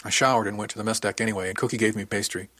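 A man's voice: fairly low pitch, fairly even intonation, very fast, sharp tone, no room sound. A man narrating a first-person audiobook in a plain, earnest storytelling manner.

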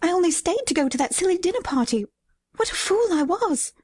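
A woman reading a storybook, putting on the voice of a frightened elegant young mother who pleads in a high, breathless way. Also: very animated, a little fast, darkish tone, no room sound, clean studio sound. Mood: panicked.

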